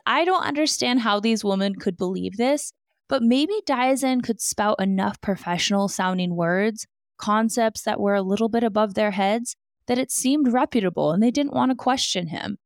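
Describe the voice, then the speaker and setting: A woman's voice: mid-range voice, lively intonation, moderate pace, no echo, studio quality. A woman hosting a true crime podcast, retelling a con man's story with sarcastic, incredulous asides.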